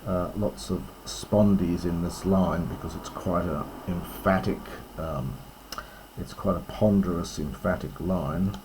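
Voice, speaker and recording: A man teaching ancient Greek, reading lines aloud and explaining them slowly and carefully, with many pauses and self-corrections. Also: low voice, noisy background. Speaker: classics teacher.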